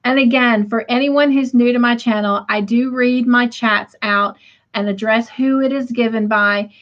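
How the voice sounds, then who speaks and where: A woman's voice: on the high side, fairly even intonation, moderate pace. A middle-aged woman, hosting a casual livestream from home, chatty and laughing often as she reads viewer comments aloud. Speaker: livestream host. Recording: dull lo-fi stream audio.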